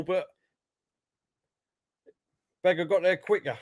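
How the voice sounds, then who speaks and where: A man co-hosting a football stream, giving casual live match commentary and getting excited as play unfolds. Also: moderate pace, no room sound. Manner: excitable, jumps up in pitch when play gets lively.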